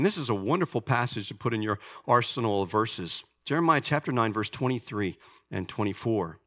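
A pastor preaching a sermon with emphasis, climbing high and loud when he reads scripture and dropping low and quiet to close a point.

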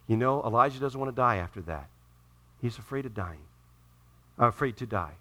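A man preaching a sermon to a congregation, moving from calm teaching to loud, impassioned delivery as he acts out voices from the scripture. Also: mid-range voice, fairly quick, long pauses. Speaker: pastor.

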